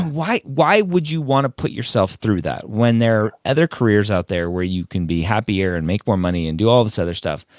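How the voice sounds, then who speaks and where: A man's voice: on the low side, lively intonation, normal speed, hardly any pauses, dry recording, clean studio sound. A man hosting an advice podcast in a casual, emphatic way, firing off rhetorical questions. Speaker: podcast host.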